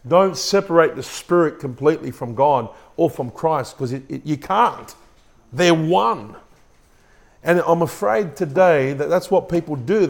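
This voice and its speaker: A man's voice: a little high, gravelly, a little mellow. A male pastor preaching a sermon, often repeating and restarting words and putting questions to the congregation. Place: church room with a congregation.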